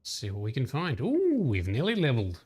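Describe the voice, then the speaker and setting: Husky and a little mellow, this streamer's medium-pitched voice swoops wildly as he talks fairly quickly. He's casually thinking aloud while playing a game on his livestream.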